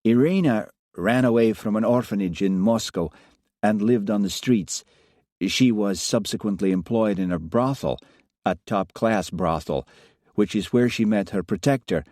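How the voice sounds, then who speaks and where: A man's voice: fairly low pitch, mellow, no echo, clean studio sound, lightly acted. A man voicing a blunt Russian policewoman inspector with a Russian accent tinged with American, speaking curtly and formally. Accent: Russian with faint American tones. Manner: curt, formal and commanding.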